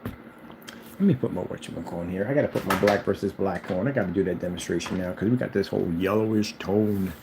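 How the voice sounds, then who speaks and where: A man's voice: fairly low pitch, expressive, fast talker, vocal fry, background noise. A man who sells screen paint, delivering a heated, mocking reaction rant at a rival. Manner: mocking, combative.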